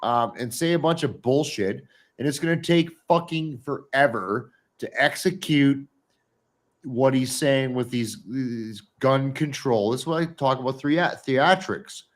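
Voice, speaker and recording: A man's voice: medium pitch, unhurried. A man hosts a live show in a mid-range voice. He talks bluntly and swears freely, speaking straight to the viewers. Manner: blunt, profane, addresses viewers directly. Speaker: podcast host. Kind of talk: heated casual chat.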